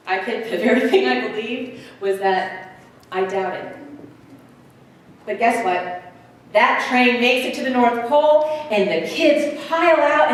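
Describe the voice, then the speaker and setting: A woman guest speaker telling a story in a sermon, animated and swinging from loud to hushed, recorded far off in an echoey theater hall. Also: on the high side. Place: theater hall at a church service.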